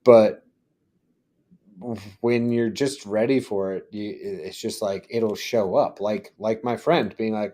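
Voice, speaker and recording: A man co-hosting a casual conversation, animated, often laughing and acting out little voices as he tells stories. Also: lowish voice, slow pace.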